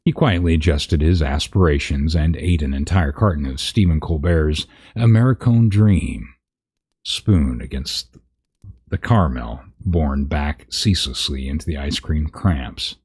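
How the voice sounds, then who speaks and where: A man's voice: very deep voice, unhurried, a little mellow, husky. A man reading a parody fantasy story aloud, breaking off with wry asides about the text. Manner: reads aloud with wry asides at misread words. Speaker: narrator.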